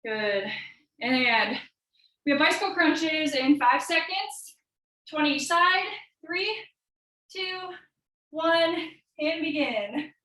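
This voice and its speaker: A woman's voice: high-pitched, animated, takes it slowly, long pauses, bright, forceful tone. A young woman fitness coach leading a live workout class, calling out encouraging cues and countdowns while a little out of breath. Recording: echoey room, from far off.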